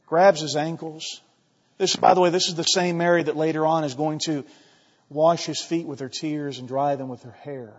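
A man preaching a sermon, reading scripture and swinging between loud, impassioned stretches and hushed ones, often clearing his throat. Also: fairly high pitch. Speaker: pastor. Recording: muffled sound in a reverberant hall.

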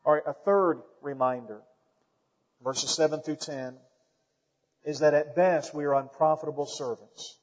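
A man preaching a sermon as pastor, emphatic and building to loud points, calling out to the congregation. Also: on the high side, measured pace, long pauses, slight background noise. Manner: calls out to the congregation. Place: church sanctuary. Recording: dull lo-fi sound with long hall reverb.

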